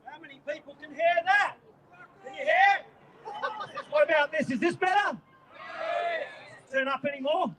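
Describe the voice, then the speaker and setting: A man shouting sound checks to a rally crowd outdoors. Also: very high voice, normal speed, long pauses. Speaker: rally organiser on a megaphone. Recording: loud crowd and street noise.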